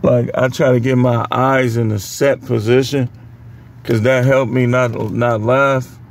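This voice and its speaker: A young man casually telling work stories to the camera, animated and full of voice impressions. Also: mid-range voice, a little slow, gravelly. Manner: animated, imitates other people's voices mid-story. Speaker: vlogger. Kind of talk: casual storytelling.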